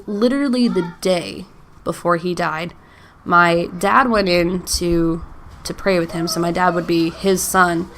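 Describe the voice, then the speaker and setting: A woman's voice: lowish voice, fairly bright tone, slight background noise. A woman in her thirties hosting a faith podcast alone, chatting casually with many "like"s and small laughs, at times close to tears. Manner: chatty, frequent "like" and "um", laughs between thoughts. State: emotional, near tears. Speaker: podcast host.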